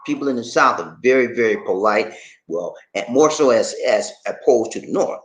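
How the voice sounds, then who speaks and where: An American man giving casual advice in a vlog, telling animated stories and laughing often. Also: medium pitch, moderate pace, husky. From United States. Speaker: vlogger.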